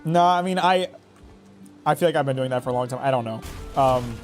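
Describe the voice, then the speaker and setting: A man's voice: medium pitch, brisk, soft background music. Nasal Midwestern man, casual. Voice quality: somewhat nasal. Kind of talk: casual chat while gaming.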